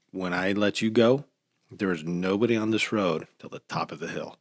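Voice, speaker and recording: Animated man telling riding stories. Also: on the low side, normal speed, no room sound, clean studio sound. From United States. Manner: animated storytelling, acts out quotes. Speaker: podcast host. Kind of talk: casual chat.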